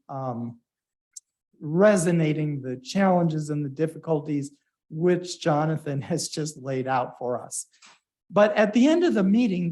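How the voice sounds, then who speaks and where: Male conference moderator, casual storyteller, middle pitch, easygoing and chatty. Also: darkish tone. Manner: chatty storytelling with fillers, playful quoted voices. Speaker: meeting organizer and moderator. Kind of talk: conference talk to a live audience. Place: hybrid conference meeting room.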